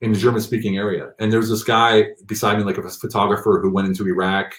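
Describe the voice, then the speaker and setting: A middle-aged man with a low voice tells his story in a loose, animated way, slipping into other people's voices. He is recorded at home, and the room gives his voice a noticeable echo. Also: fast. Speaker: guest telling his story. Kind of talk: casual storytelling. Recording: echoey room.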